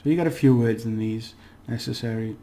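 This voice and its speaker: A man giving a relaxed, chatty language lesson, slowly repeating words for practice and laughing at his own slips. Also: medium pitch, a little hiss or hum. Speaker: language teacher. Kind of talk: casual spoken language lesson.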